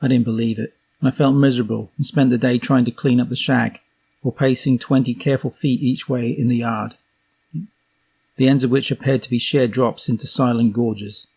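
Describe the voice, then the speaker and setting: A man with a Norfolk English accent reading a memoir aloud as an audiobook, steady and unhurried, with occasional slips. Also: mid-range voice, husky. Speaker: reader.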